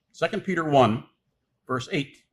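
A man's voice: on the high side, very animated, slow, a little mellow, slightly rough. A man preaching a sermon, reading scripture aloud and explaining it with emphatic, insistent delivery. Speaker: pastor.

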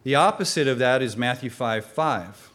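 A man leads a Bible study in an earnest, explanatory way, working through passages point by point. He stops to put questions to his listeners before answering them himself. His voice sits at an ordinary, mid-range pitch for a man. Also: expressive, moderate pace, fairly bright tone. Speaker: Bible teacher.

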